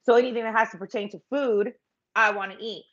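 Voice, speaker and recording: A woman's voice: a little high, steady tone, fast talker, fairly bright tone, lo-fi sound. A middle-aged woman rambling through a story on a live stream, chatty and self-mocking, with lots of fillers. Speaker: vlogger telling a story.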